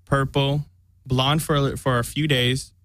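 A man's voice: mid-range voice, flat delivery, measured pace, a bit bright, dry recording. Rambling young man, dry close mic. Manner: rambling storyteller, acts out quotes. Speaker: podcast guest. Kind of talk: casual chat.

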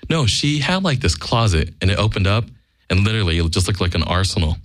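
A man's voice: on the low side, big pitch swings, fast talker, no echo, studio quality. A man telling a casual, profane anecdote in a blunt way, acting out the quoted lines. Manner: blunt, acts out quoted dialogue. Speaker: guest storyteller.

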